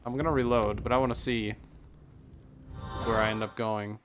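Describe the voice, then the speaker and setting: A man's voice: fairly low pitch, steady tone, moderate pace, music in the background. A man casually commenting on a fantasy role-playing game as he plays, with wry, sarcastic jokes. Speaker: let's play host.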